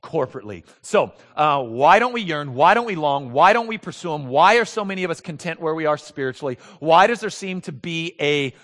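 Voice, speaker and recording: A man's voice: fairly high pitch, animated, brisk, few pauses, a bit bright. Earnest preacher man in a reverberant hall. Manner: earnest, emphatic, often repeats words while building points. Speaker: pastor. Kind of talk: sermon.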